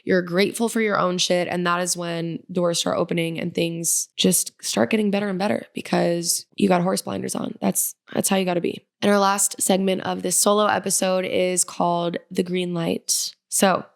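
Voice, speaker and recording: A woman's voice: fairly low pitch, flat delivery, normal speed, gravelly, few pauses. A young woman hosting her solo podcast, talking casually and earnestly, gushing and upbeat as she encourages her listeners. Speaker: podcast host, independent musician. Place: Nashville.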